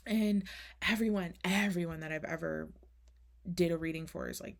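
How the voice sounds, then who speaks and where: Casual woman oracle reader, low gravelly voice, candid and chatty. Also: steady tone, a little fast. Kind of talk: casual spoken oracle reading.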